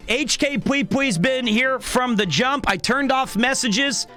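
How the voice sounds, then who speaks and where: High-voiced animated male streamer. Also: a little slow, soft background music. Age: 30s. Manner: animated, rambling, with many restarts. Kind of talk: casual live-stream chat.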